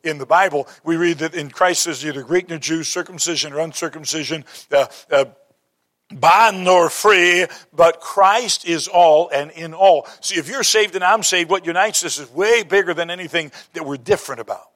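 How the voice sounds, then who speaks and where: A man's voice: a little high, normal speed, a bit bright. A man preaching a sermon, telling stories and quoting scripture, with emphatic rises in his delivery. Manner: storytelling, rising to emphatic bursts.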